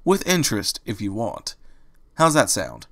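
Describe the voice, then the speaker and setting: A man voicing a gruff, streetwise male rabbit in a fan audiobook reading, talking in an impatient, grumbling, sarcastic way. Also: lowish voice, huge pitch swings, measured pace, fairly bright tone, dry recording, studio quality, heavily acted.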